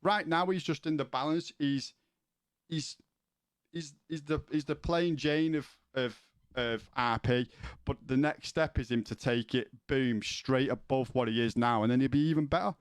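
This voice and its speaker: A man's voice: medium pitch, moderate pace, smooth, dry recording. A man streaming, chatting casually with viewers in a rambling way, with many restarts and questions to chat.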